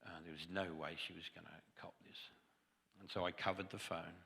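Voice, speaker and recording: A man's voice: deep voice, level tone, brisk, gravelly, sharp tone, big-room sound. A man giving a testimony sermon in a conversational storytelling way, with self-deprecating humor. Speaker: guest preacher. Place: church sanctuary.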